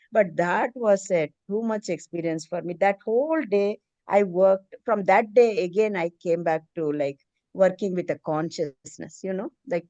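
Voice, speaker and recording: A woman's voice: medium pitch, a little mellow, dry recording, muffled recording. A middle-aged woman, earnestly telling a personal story on a video call in a hesitant, emotional way. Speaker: meeting participant, preschool teacher.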